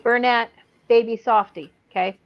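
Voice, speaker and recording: A woman's voice: fairly high pitch, fairly even intonation, normal speed. Chatty American woman, lo-fi audio. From United States. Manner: chatty, retells comedy clips. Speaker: podcast co-host. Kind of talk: casual chat.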